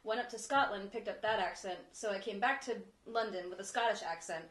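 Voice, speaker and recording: A woman's voice: medium pitch, brisk, fairly bright tone. A woman in a casual chat, talkative, often repeating her words. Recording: echoey room.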